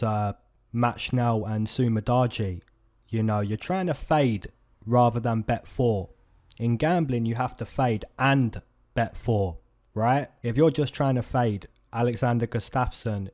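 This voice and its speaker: Male host of a betting breakdown: casual, animated, repetitive, answers his own questions. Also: mid-range voice. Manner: animated, repeats points, asks himself rhetorical questions. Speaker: fight predictions host.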